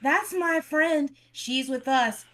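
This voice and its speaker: A woman's voice: sits high, slow pace, a bit bright, pitched above the performer's own voice. A woman playing a soothing young adventurer. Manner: soothing, coaxing.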